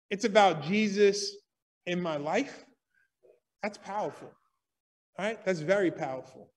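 A man's voice: high voice, distant mic. A man preaching a sermon in church, emphatic, often asking the congregation "right?".

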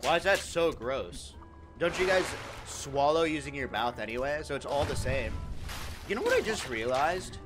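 A young man live-streaming in casual chat, animated and profane as he jokes back at his viewers. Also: fairly high pitch, moderate pace, over music. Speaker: livestreamer.

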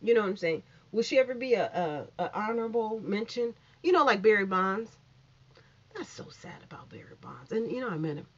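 A woman giving a casual, sassy opinion monologue as a commentary vlogger, swinging from loud outbursts to hushed asides. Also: mid-range voice, expressive, quick pace, few pauses. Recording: muffled lo-fi recording.

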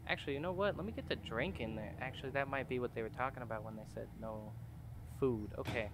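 A man's voice: medium pitch, fast talker, noisy background. A young man making jokey let's-play commentary on a horror game, talking back to the game. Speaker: gaming YouTuber.

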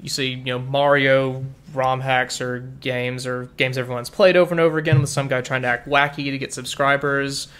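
A man in a relaxed podcast chat, talking at a middle pitch. He lays out his points in a measured, agreeable way, often hedging. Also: clean tone. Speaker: podcast co-host. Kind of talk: casual chat.

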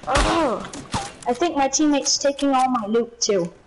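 Woman game streamer, higher voice, exasperated, repeats herself, shrieks, noisy mic hiss. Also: moderate pace. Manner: exasperated, repeats exclamations, shrieks when killed. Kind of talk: live gameplay chatter.

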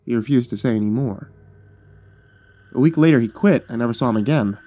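A man reads a first-person horror story aloud in a measured, hushed storytelling style, his voice dropping low at the tense moments.

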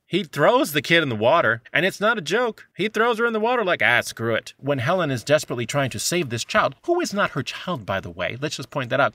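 A man's voice: fairly high pitch, sharp tone, no echo, clean studio sound. A man co-hosting a movie podcast, talking casually and sarcastically and acting out quotes in mocking voices. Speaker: podcast co-host. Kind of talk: casual movie review chat.

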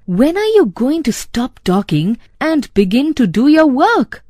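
A woman's voice: medium pitch, sing-song, slow, dry recording, studio quality. Woman voicing an angry storybook sultan, commanding, short-tempered. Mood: impatient. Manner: curt, commanding. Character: impatient angry male sultan.

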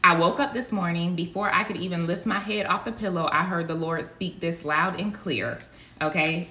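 Chatty woman minister, low bright voice. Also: roomy sound. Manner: chatty, digressive, talks straight to viewers. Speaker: prophetic minister. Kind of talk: casual sermon to online followers.

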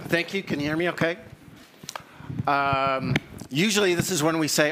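A man's voice: fairly high pitch, moderate pace, background noise. A middle-aged man giving an unscripted opening statement on a conference stage, candid and conversational, hurrying against the clock. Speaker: debater. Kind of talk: extemporaneous debate opening statement.

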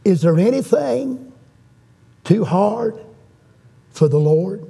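In a church sanctuary, a middle-aged guest preacher delivers a fervent revival sermon, telling a story and calling out to the congregation. His voice is high, gravelly and mellow, with lively intonation and a slow pace.

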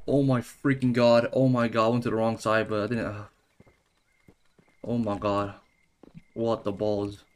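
A man's voice: on the low side, a little hiss or hum. A man giving jumpy, exclaiming gameplay commentary as a gaming YouTuber, calling out "bro" and "dude" as he plays.

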